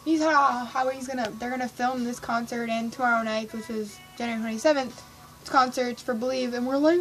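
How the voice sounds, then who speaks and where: A woman vlogging about a concert, telling it in an excitable, gushing way and acting out her own reactions. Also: a little high, soft background music, rough recording. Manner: gushing, excitable, fast-shifting, reenacts her own squeals. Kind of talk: excited casual storytelling.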